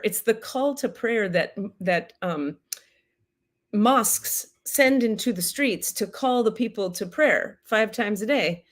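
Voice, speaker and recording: A woman hosting a comedic spiritual livestream, telling a profane, animated story full of tangents. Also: on the high side.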